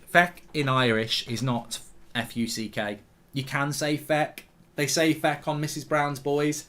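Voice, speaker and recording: A man hosting a live football watchalong, bluntly reacting to the match and reading viewer comments aloud, his voice jumping up when play excites him. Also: on the high side, a little slow, slight background noise. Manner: blunt, swears casually, rants at the referee. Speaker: host.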